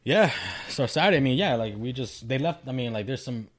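A man's voice: medium pitch, expressive, brisk. Laughing, rambling man telling a story. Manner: rambling, laughing, profane retelling with quoted voices. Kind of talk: casual chat.

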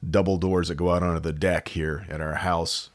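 A man's voice: deep voice, flat delivery, normal speed, no room sound, clean studio sound. A man co-hosting a podcast from home, chatting casually in a teasing, goofy, sometimes mock-formal way. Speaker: podcast co-host. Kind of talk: casual chat. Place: home, by the deck doors.

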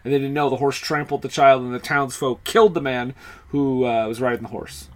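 A man's voice: mid-range voice, steady tone, a little fast. A man co-hosting a podcast, chatting and joking about a movie, often restarting his sentences. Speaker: podcast co-host. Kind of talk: casual film discussion.

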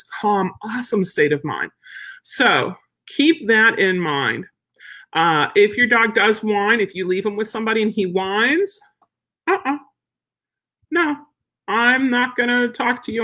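Chatty bright-voiced woman dog trainer. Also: medium pitch. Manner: chatty, plain-spoken, acts out quotes. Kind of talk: casual live Q&A teaching.

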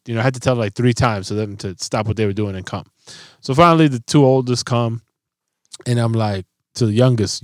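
A man's voice: medium pitch, a little slow, no room sound. A middle-aged man telling a story in a casual chat, swearing freely and acting out quotes. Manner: profane, animated storytelling with voiced quotes. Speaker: podcast co-host.

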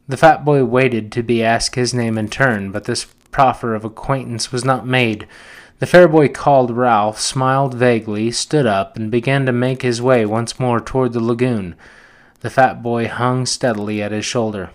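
A man, a podcast host, reading a novel aloud in a steady, measured narration. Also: medium pitch. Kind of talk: audiobook narration.

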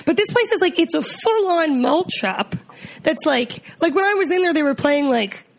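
A woman's voice: high voice, animated, normal speed. A woman writer, a guest on a casual podcast chat, giggly and full of "like" fillers.

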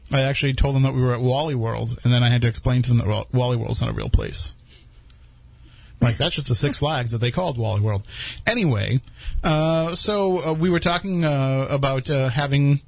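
A man's voice: mid-range voice, no echo. Joking male podcast host. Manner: joking, rambling storyteller. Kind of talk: casual live chat.

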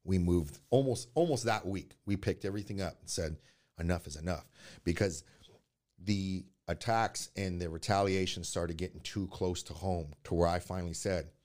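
A man with a deep, low-pitched voice shares his own life story as a guest in a conversation. He is candid and earnest, often stopping and restarting his sentences. He drops to a soft voice through the hardest parts. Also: normal speed. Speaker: podcast guest.

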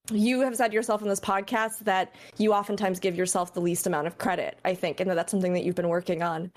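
A woman guesting on a casual podcast, speaking earnestly and sincerely to the host. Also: mid-range voice.

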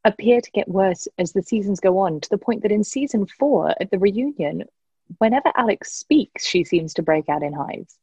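Husky woman giving analytical commentary. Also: mid-range voice, lively intonation, normal speed, darkish tone, no echo, rough recording. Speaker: podcast co-host. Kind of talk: casual recap chat.

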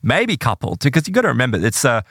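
A man in relaxed conversation, recounting a case with lively, swooping intonation. He jumps into the voices of the people he quotes. The sound is dry and close. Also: fast talker, dry recording. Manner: animated, acts out quoted voices with big pitch jumps. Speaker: podcast guest telling case stories. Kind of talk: casual storytelling conversation.

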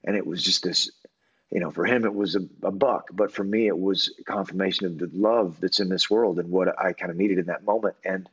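A man telling a personal story as an interview guest, earnest and halting, with many restarts and fillers. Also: sits low, steady tone, slightly rough, dull audio.

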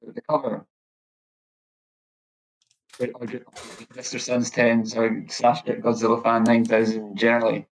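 A man's voice: mid-range voice, completely flat delivery, unhurried, pauses often, a little hiss or hum, poor audio. A man appearing as a guest on a casual podcast, giving his views hesitantly and thoughtfully.

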